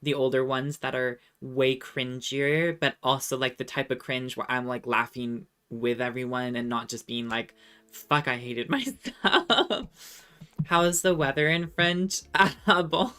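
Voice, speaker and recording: A woman's voice: a bass voice, steady tone, normal speed, few pauses, fairly bright tone, clean tone. A woman streamer in casual chat, reading viewer comments aloud, laughing often and trying out rusty French.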